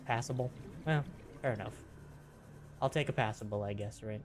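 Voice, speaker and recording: With slight background noise, a man speaks at normal speed in a lowish voice as he plays a game on stream. He keeps up relaxed self-talk, dropping the occasional mild minced oath.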